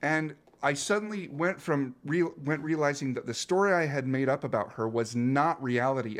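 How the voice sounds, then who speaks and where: A man in his fifties, a coach, speaking earnestly and reflectively as an interview guest, often restarting his phrases. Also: fairly high pitch. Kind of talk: interview guest telling a story.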